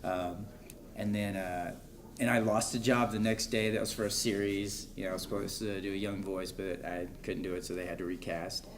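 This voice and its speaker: A man, an actor, chatting casually in an interview, relaxed and full of fillers like "you know.". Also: lowish voice, normal speed, crowd noise. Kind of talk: casual chat. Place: convention room with crowd around.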